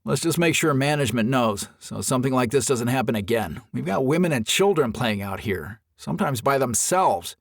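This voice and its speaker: A man voicing a calm, level-headed middle-aged male golfer in an audiobook, talking in a weary, reasonable way. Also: medium pitch, moderate pace, vocal fry, hardly any pauses, dry recording, studio quality. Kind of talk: audiobook character voice.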